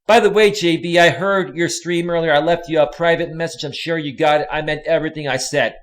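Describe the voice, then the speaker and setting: A man with a slightly high voice hosts a live stream, keeping a steady tone and a brisk pace. Angry and ranting, he swears without letup and names the chat viewers he's talking to.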